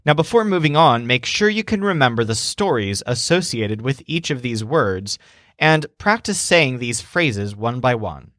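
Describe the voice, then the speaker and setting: A male teacher narrates a lesson story with lively, rising and falling pitch. He explains each word clearly and spells things out. The recording is dry and close with no room sound. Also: moderate pace, no room sound. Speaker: language teacher.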